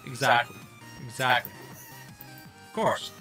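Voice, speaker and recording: A young man from Scotland with a softened Scottish accent, chatting casually and rambling with lots of fillers while streaming a game. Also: mid-range voice, very animated, unhurried, soft background music. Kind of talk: casual livestream chat while playing.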